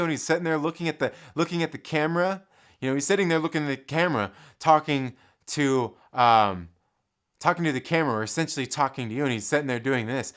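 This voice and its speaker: A man talks casually on his live stream, cursing often and stringing thoughts together with endless "like"s. His voice sits a touch high for a man and rings bright and forward. He laughs easily between points as he reads chat. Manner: profane, rambling, lots of "like" fillers, laughs often.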